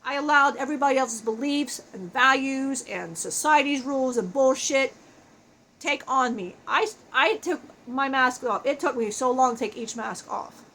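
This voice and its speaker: A woman's voice: high-pitched, moderate pace, bright, forceful tone, slight background noise. A woman channeling the spirit of a big, bald dead man who swears, jokes crudely and laughs often. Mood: joking.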